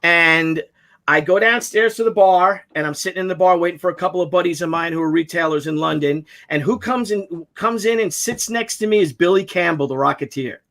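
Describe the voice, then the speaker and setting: A man's voice: high voice, a little fast, fairly bright tone. A man who draws comics, telling anecdotes in casual chat and acting out the quotes with animation. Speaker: comic artist.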